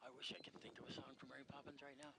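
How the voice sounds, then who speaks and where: A man calling a local softball game on the radio, joking and rambling between pitches at an outdoor field. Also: monotone, very fast, background noise. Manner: jokey, rambling banter. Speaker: radio sports commentator.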